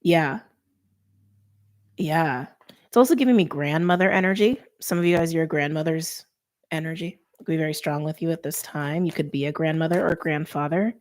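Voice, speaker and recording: Soft-spoken woman giving a tarot reading. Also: low voice, normal speed. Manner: soft, earnest, openly emotional. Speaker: tarot reader. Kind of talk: intuitive tarot card reading.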